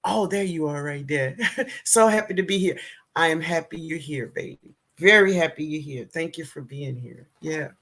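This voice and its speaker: A woman with a New Orleans accent hosting a casual livestream, greeting viewers warmly and chatting with frequent laughs. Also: sits low, moderate pace. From southern United States. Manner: warm, chatty, calls viewers baby, laughs often. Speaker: gardening livestream host. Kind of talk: casual live-stream chat greeting viewers.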